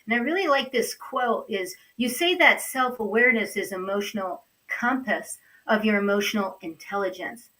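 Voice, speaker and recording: A woman's voice: medium pitch, normal speed, few pauses, pushed and bright, distant mic, low-quality recording. A woman hosting a talk show, gushing and affectionate as she talks to viewers and introduces a guest. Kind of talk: upbeat talk show chat.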